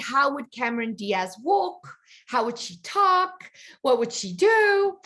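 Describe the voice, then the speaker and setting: Brief: woman coach, storytelling to her group, bright higher voice, pitch jumping all over. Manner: animated, chatty storyteller addressing her group. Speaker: confidence coach. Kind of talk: storytelling in an online coaching session.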